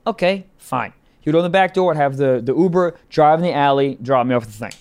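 A man, a comedian and podcast co-host, telling a story in casual chat, animated and cursing often. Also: a little high, fast talker, clear, resonant tone. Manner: animated storyteller, swears a lot.

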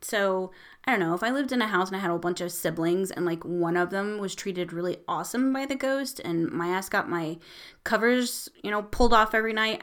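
A woman's voice: medium pitch, a bit bright. A woman hosting a show, telling a spooky story in a casual, rambling way with lots of fillers and the odd curse. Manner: rambling and chatty, with frequent fillers and casual swearing.

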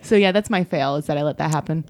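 Animated, swearing woman telling a story. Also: deep voice, fast. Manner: animated, swears, acts out quotes. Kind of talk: casual storytelling chat.

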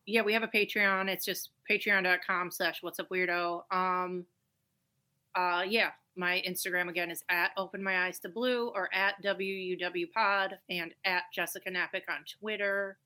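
Bright-voiced woman guest, blunt and casual. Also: lowish voice, fairly even intonation, normal speed. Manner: blunt, swears freely. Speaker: podcast guest. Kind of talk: casual chat.

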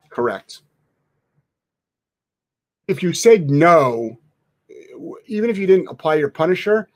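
A man who trains dogs, answering live chat questions bluntly, swearing freely and mocking soft owners in a sing-song voice. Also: on the high side. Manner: blunt, profane, animated, mocks in a sing-song voice. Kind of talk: casual live Q&A.

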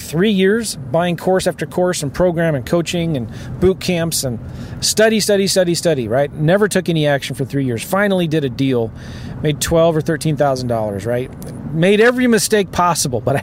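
A man's voice: a little high, a little hiss or hum. A man giving an emphatic, urgent motivational talk as a real estate coach, often asking "right?".

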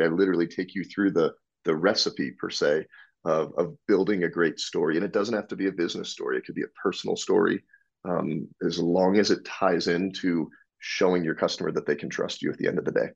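A man telling stories as a podcast guest, animated and frank, acting out dialogue and swearing freely. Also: deep voice, vocal fry, husky. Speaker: podcast guest, business owner. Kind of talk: casual interview storytelling. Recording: dull lo-fi sound.

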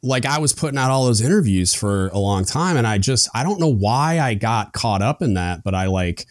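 A man's voice: mid-range voice, lively intonation, normal speed, dry recording, studio quality. A young man hosting a podcast, talking loosely with many fillers and restarts. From United States. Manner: rambling, lots of fillers and restarts. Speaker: podcast host. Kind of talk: casual chat.

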